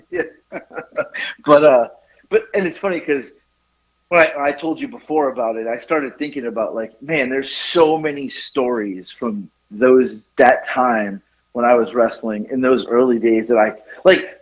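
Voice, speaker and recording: A man telling a funny story on a podcast, animated and often laughing at his own tale. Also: mid-range voice, a little slow, lo-fi sound. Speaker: podcast co-host. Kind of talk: casual storytelling chat.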